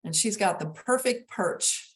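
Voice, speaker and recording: A woman's voice: mid-range voice, expressive, unhurried. A middle-aged woman presenting a gardening class, narrating slides in a chatty way with frequent ums and restarts.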